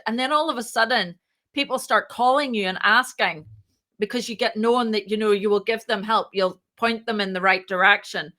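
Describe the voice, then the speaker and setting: A woman's voice: mid-range voice, moderate pace. A woman who co-founded a startup, chatting casually in an interview and acting out the dialogue in her stories. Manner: chatty, animated, acts out quoted dialogue.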